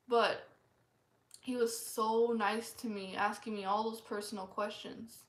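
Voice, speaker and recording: A woman's voice: on the high side, fairly even intonation, unhurried, fairly bright tone. A woman earnestly sharing a personal testimony in a casual, rambling way, full of "like" fillers. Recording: echoey room.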